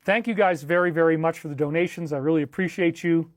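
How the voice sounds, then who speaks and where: A man's voice: on the high side, fast talker. A man chatting casually on his own live stream, loose and rambling as he thanks viewers for joining and donating. The sound is close and dry, with no room echo. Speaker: livestream host. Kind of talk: casual livestream chat.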